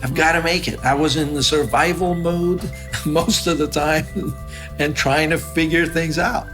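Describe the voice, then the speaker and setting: A man from Iran sharing his personal story in a reflective, halting way with many fillers. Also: a little high, steady tone, fairly bright tone, soft background music. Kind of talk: testimonial interview.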